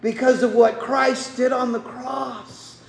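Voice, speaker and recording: A man's voice: very high-pitched, level tone, takes it slowly, creaky. A man preaching a sermon, telling the story in a folksy way and acting out the quotes. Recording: echoey hall.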